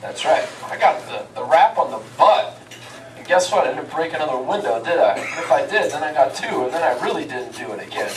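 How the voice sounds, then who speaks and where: A man's voice: on the high side, big pitch swings, brisk, a little hiss or hum. A man giving an emphatic, preacher-like lecture to a live audience, asking them questions and answering them himself. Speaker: touring speaker. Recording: echoey room, voice from far off.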